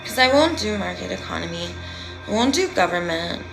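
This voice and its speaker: A woman who calls herself a healer, giving a rambling, playful and dramatic live-stream monologue that swings between loud and hushed. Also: lowish voice, expressive, a little fast, vocal fry, music in the background, low-quality recording.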